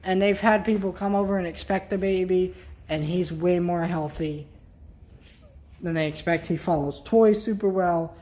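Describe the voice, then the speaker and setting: A vlogger in a casual rant to camera, upset and worked up, talking bluntly with some swearing and sighing pauses. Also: medium pitch, fairly even intonation, mellow.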